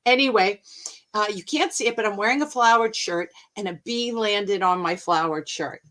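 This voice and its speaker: An American woman hosting a mindfulness show, telling travel stories in a lively, chatty way. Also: medium pitch, normal speed. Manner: animated, chatty, expressive. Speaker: host and mindfulness coach. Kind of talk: casual storytelling to camera.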